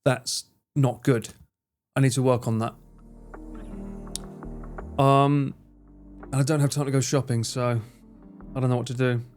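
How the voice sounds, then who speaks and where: A man chatting casually on his livestream, rambling, joking and swearing freely with quick asides. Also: medium pitch, level tone, a little mellow, faint music behind. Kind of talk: casual chat reading stream chat.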